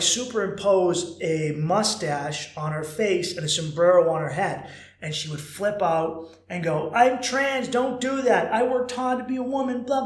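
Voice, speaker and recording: Animated, swearing male podcast host. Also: a little high, reverberant. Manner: animated storyteller, acts out quotes, swears freely. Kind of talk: casual podcast monologue.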